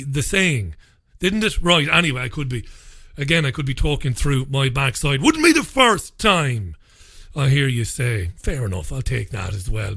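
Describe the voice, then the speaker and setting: A man's voice: fairly high pitch, pushed and bright. A man hosting his own radio show, talking in an irreverent, rambling, jokey way. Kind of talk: casual monologue.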